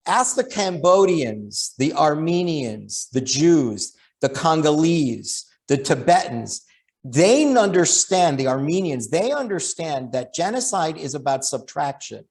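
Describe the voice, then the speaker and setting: Middle-aged guy giving a fired-up talk, lots of rhetorical questions, voice sits a bit high. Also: big pitch swings, a little slow, darkish tone. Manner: emphatic, rhetorical questions, repeats key phrases. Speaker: writer and law professor giving a talk. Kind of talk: impassioned lecture.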